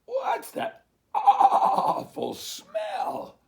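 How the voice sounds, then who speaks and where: Guy doing high bleaty little sheep, bouncy and sweet, storybook voice. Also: huge pitch swings, extremely slow, gravelly, heavily acted. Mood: bleating. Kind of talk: storybook read-aloud.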